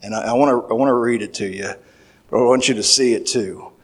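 A man preaching a sermon at a middle pitch. He reads scripture passages aloud, then unpacks them in looser talk full of restarts and fillers, rising in pitch and volume when he drives a point home. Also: fast talker. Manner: grows louder and higher when stressing points.

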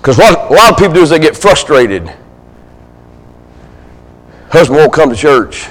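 A man preaching a sermon, swinging between loud pleading and hushed, intimate asides. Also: a little high, sing-song, normal speed, long pauses, big-room sound, poor audio. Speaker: pastor. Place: church sanctuary.

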